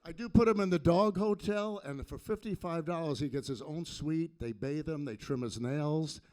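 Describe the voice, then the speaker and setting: A high-pitched man works a comedy club crowd with a stand-up set. He lands his punchlines in a deadpan way, speaking into a handheld stage mic. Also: normal speed. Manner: deadpan punchline delivery with sung parody bits.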